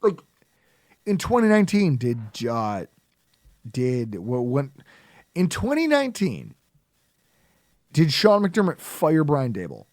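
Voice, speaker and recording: A man hosting a casual sports podcast, ranting in an animated, sarcastic, heckling way. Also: on the high side, takes it slowly, pauses often, no echo, clean studio sound. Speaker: podcast host.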